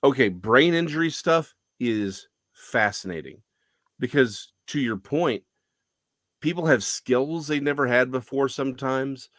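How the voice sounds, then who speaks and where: A man talking as a guest in a casual conversation, lively and chatty with frequent self-corrections. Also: mid-range voice, unhurried, no echo.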